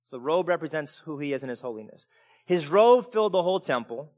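A man preaching a sermon, swinging between quiet asides and emphatic peaks, often repeating words as he restarts. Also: a little high, animated, fast talker. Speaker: pastor.

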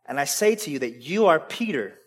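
A woman preaching an impassioned sermon, trading shouted refrains with hushed asides and firing rapid questions at the congregation. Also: deep voice, very animated, husky. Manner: call-and-response questions. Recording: long hall reverb.

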